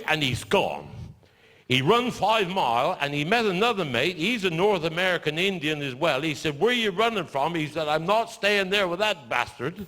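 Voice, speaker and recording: A man's voice: high voice, a bit bright. An older man with a Cornish accent, telling earthy, swear-filled comic stories on stage and putting on voices for the people in them. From Cornwall. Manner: broad earthy storytelling, swearing, acting out voices. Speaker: stand-up comedian. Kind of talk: stand-up storytelling to a live audience.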